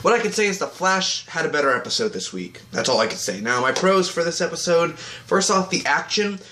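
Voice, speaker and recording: A man giving a casual, rambling vlog review of a TV episode. He often breaks into quick mocking voices for the characters. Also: on the high side, sing-song, pushed and bright. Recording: echoey room with faint ambient noise.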